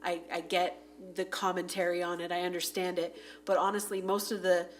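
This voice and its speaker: A woman's voice: on the low side, flat delivery, a little hiss or hum. Chatty woman reviewing a movie. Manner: chatty, says "like" often, acts out scenes in quick voices. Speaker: podcast panelist. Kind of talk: casual movie review chat.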